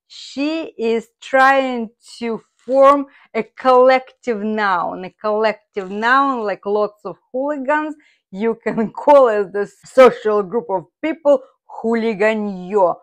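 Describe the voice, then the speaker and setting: Slow-spoken woman teaching Russian words. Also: fairly high pitch. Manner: slow, careful explanations. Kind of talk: explaining words.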